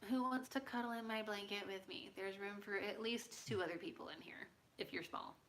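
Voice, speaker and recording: A woman's voice: mid-range voice, fairly even intonation, fairly quick, fairly bright tone, a little hiss or hum. A woman hosting a live stream, chatting with viewers in a bubbly, playful way while tired late at night. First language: English. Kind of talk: casual chat with viewers.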